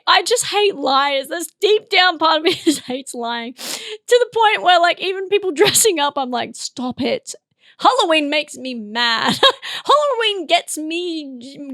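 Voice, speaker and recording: A woman's voice: very high-pitched, fairly bright tone, no room sound, clean studio sound. A woman hosting a solo comedy podcast, rambling and giggling as she mocks herself. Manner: rambling, giggly, self-mocking. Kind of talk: solo comedic review monologue.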